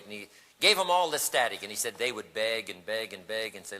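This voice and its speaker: A man's voice: on the low side, quick pace, few pauses. A man giving a motivational seminar talk, telling stories and acting out the people in them. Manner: animated storytelling, acting out quoted voices. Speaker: motivational speaker. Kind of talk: seminar storytelling speech. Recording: echoey hall recording.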